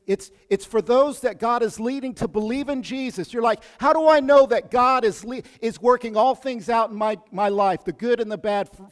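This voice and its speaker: A man preaching a sermon in a high, ringing voice that carries a long reverb through the sanctuary. He shifts between hushed, measured passages and loud, emphatic bursts, and he repeats phrases to press a point home. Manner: energetic, swings from hushed to loud, repeats himself. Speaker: pastor.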